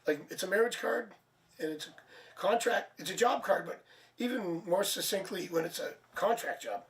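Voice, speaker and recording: A man hosting a live tarot stream, chatting casually and sounding tired and low on energy. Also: animated, normal speed, a bit bright. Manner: chatty, laughs at himself, thinks aloud. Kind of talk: casual live-stream chat and card reading. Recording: distant mic, faint background noise.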